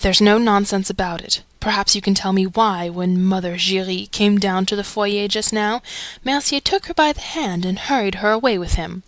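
A woman's voice: medium pitch, moderate pace, no room sound, lightly acted. A woman reading aloud and voicing an agitated male theatre secretary who exclaims with emphasis, in a storybook. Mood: accusing.

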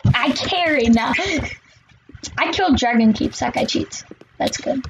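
A woman commentating on her own gameplay, excitable and swearing, with sudden shouts between quieter muttering. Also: fairly high pitch, unhurried, gravelly, muffled recording, a little hiss or hum. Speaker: gamer.

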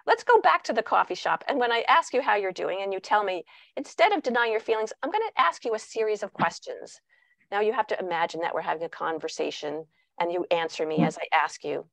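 A woman's voice: mid-range voice, lively intonation, fairly quick, gravelly, a bit bright, no room sound. A woman giving a talk on parenting who walks listeners through an exercise and acts out quoted dialogue. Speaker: parenting workshop speaker. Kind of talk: presentational talk.

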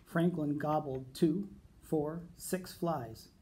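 A man who teaches reads a children's picture book aloud in a gentle, unhurried way. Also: a little high, a little hiss or hum. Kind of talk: storybook read-aloud.

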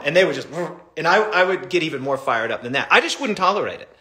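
A middle-aged male pastor teaches scripture with animated passion. His voice sits high and bright, and the room around him adds a roomy echo. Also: quick pace. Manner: animated, impassioned storytelling. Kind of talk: Bible study teaching.

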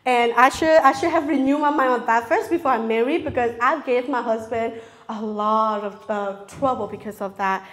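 High-voiced woman preaching in English, her third language. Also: normal speed, fairly bright tone. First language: not English (English is her third language). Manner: earnest, confessional, asks the audience "okay?" often. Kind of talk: sermon.

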